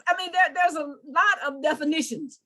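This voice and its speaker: A woman's voice: high-pitched, normal speed, bright, forceful tone. A woman anger management coach in an interview, explaining earnestly with examples and often repeating words.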